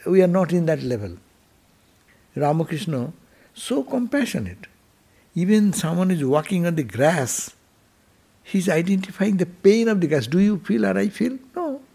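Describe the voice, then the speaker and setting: A man, a monk giving a temple sermon, telling stories with sudden emotional rises and hushed drops. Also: high voice, very animated, moderate pace, pauses often, slightly rough. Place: temple hall.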